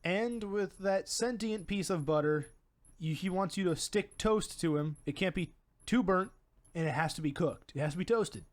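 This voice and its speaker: Young male podcaster, higher-pitched, loose and rambling with restarts, chatty storyteller. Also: moderate pace. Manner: rambling storyteller, stumbles and repeats words, laughs at own story. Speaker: podcast co-host. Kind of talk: casual chat.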